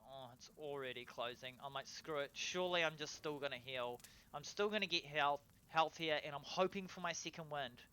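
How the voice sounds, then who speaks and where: A man narrating his own gameplay in a casual voiceover, excitable and swearing, breaking into loud cheers over kills. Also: a little high, smooth. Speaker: gameplay commentator.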